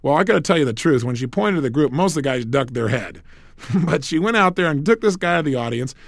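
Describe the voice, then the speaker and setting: A man's voice: fairly high pitch, expressive, fast, no echo, studio quality. A man giving a recorded self-help lecture as a motivational speaker, emphatic and repetitive, telling stories.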